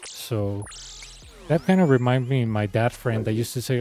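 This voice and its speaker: A man's voice: medium pitch, moderate pace, mellow, faint music behind. A man with a Spanish accent, a game streamer ranting in sarcastic, exasperated commentary. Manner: sarcastic, exasperated, repeats himself.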